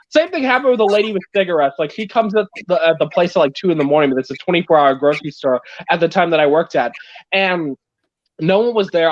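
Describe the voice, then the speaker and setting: A man on a livestream call in casual chat, telling workplace stories in a blunt, animated way. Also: sits high. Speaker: livestream guest. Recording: dull lo-fi stream audio.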